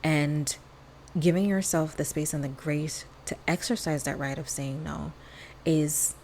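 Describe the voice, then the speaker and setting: On a rough recording with a little hiss or hum, a low-pitched, slightly mellow woman talks through her solo podcast. She's candid and chatty, frequently acting out quoted dialogue.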